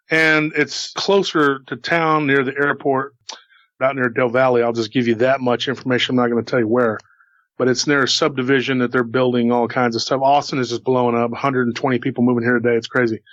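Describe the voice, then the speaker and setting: A man with a medium-pitched, fairly bright voice casually recounts a paranormal story he once heard, chatty and repetitive, tossing asides to the listener. The recording is dry with no room sound, dull and slightly lo-fi.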